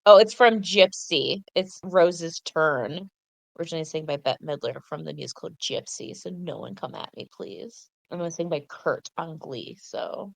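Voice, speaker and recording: A woman's voice: low-pitched, moderate pace, gravelly, no echo. A woman co-hosting a cartoon recap podcast, chatting with enthusiasm and stopping to correct herself mid-thought. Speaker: podcast co-host. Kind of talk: casual chat.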